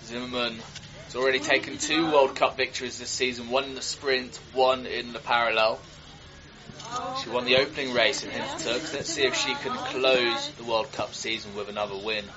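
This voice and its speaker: A man's voice: mid-range voice, normal speed. Man commentating a ski race. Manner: chatty and joking, rising to excited shouts at crashes. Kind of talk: live sports commentary. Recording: dull broadcast audio with crowd behind.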